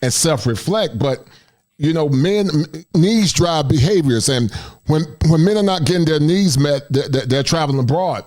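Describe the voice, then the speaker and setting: A man's voice: fairly high pitch, expressive, normal speed, a little mellow. A man hosting a casual podcast conversation, agreeable and chuckling, often affirming his guests. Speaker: podcast host.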